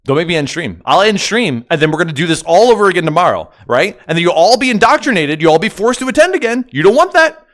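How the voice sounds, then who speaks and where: A young man live-streaming and chatting with his viewers, loud and excitable, joking at his own expense and bursting into yells. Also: sits high, fast, few pauses. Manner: joking, self-mocking banter with chat. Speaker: livestreamer.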